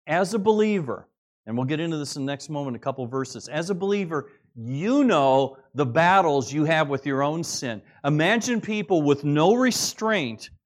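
A middle-aged man preaching a sermon, earnest, shifting between quiet asides and raised, emphatic exclamations. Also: fairly high pitch. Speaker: pastor.

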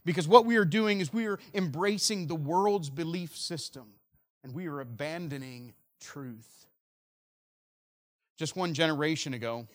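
Preaching man with a higher voice. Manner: earnest preaching, swings between loud emphasis and quiet, slow stresses. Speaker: pastor. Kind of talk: sermon.

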